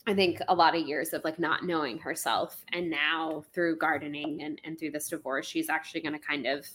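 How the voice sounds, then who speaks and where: Fast-talking bright-voiced young woman. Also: low voice, fairly even intonation, slight background noise. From Florida, US. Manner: fast, chatty, many fillers. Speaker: podcast co-host. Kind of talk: casual chat about a book.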